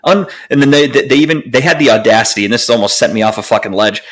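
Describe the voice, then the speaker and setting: A young man tells a story on his podcast in a loose, animated way. He swears freely and fills gaps with ums and likes. His voice sits at an ordinary middle pitch. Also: quick pace. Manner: animated, profane ranting with lots of fillers. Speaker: podcast co-host. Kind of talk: casual storytelling chat.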